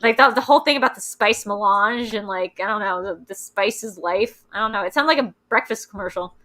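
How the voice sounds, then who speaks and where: Bright chatty young woman host, rambly, lots of likes and ums. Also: mid-range voice, a little fast, low-quality recording. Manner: chatty, rambling with many fillers. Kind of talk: casual chat.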